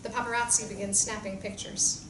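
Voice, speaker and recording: A woman reading stage directions aloud in a screenplay reading, in a clear, measured way. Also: mid-range voice, level tone. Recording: roomy distant sound with background noise.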